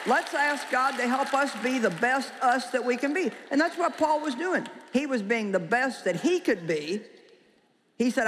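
A woman's voice: sits high, lively intonation, moderate pace, slight background noise. A woman preaching a sermon to a live congregation, emphatic and joking, often quizzing her listeners. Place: large hall with an audience. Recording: long hall reverb with faint crowd.

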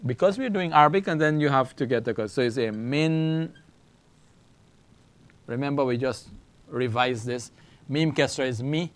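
A middle-aged man teaching an Arabic lesson, speaking slowly and repeating words for learners. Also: medium pitch, no echo. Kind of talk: classroom language lesson.

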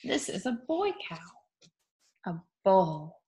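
A young woman with a slightly husky voice teaches small children at a slow, careful pace. She swoops through a lively pitch range, gasping with delight and making drawn-out animal noises. Her gentle telling suits an online preschool group time.

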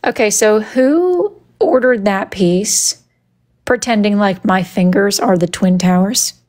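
A woman's voice: mid-range voice, slow pace, darkish tone. A woman hosting a casual live stream, chatting playfully and teasing her viewers as she reacts to their messages. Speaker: live-stream host doing wood burning.

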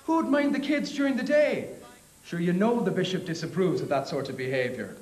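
An actor with an Irish accent playing a bossy, indignant 1950s Irish husband in a comedy sketch, scolding and lecturing. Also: male voice, high voice, lively intonation, fairly quick, a little mellow, roomy sound, poor audio. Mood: blustering.

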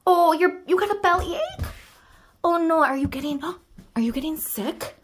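A thirties mom from family kids' videos fusses over her child like a baby during playful pretend play, all exaggerated sing-song. Her voice is high, her pace moderate, with a little hiss or hum audible.

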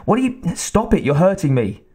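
A man's voice: medium pitch, moderate pace, darkish tone, natural voice. A man voicing a frightened young woman officer under attack, pleading and breathless. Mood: panicked.

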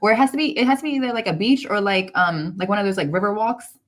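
A woman's voice: medium pitch, fast talker. A woman from Maryland, a wrestler guest on a podcast, chatting casually and giggling between rambling sentences.

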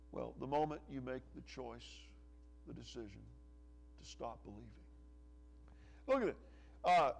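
A male pastor preaching in a church. His slightly high voice carries a gravelly edge and leaps about in pitch. He talks slowly and lets his phrases rise to a push, then sink to a hush. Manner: preaching with rising emphasis and soft, dropping asides. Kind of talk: sermon. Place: church sanctuary.

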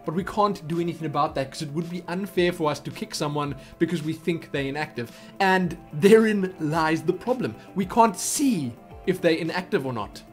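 A man's voice: on the high side, lively intonation, normal speed, hardly any pauses, faint music behind. A man hosting his own question-and-answer video, talking casually and rambling a little, poking fun at himself as he goes, recorded on his webcam at his computer. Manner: rambling, self-deprecating, chatty. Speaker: channel host answering viewer questions. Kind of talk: casual Q&A chat. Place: at a home computer. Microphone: webcam microphone.

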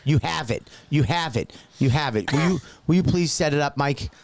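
A man's voice: fairly high pitch, animated, moderate pace, no echo. A man co-hosting a podcast, ranting in exasperated casual banter and repeating himself. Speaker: podcast co-host.

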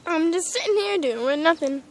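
A woman's voice: extremely high pitch, lively intonation, moderate pace, a little hiss or hum. A woman voicing a shrieking plush pet toy. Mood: panicked. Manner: dramatic shrieks and pleading. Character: excitable female plush pet toy, easily panicked. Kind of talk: toy role-play video.

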